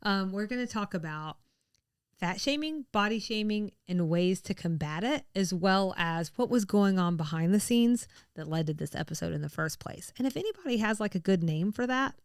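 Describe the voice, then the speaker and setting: Chatty woman podcast co-host, smooth voice. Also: mid-range voice, animated, normal speed, no echo, studio quality. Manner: chatty, laughs often, many fillers. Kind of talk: casual chat.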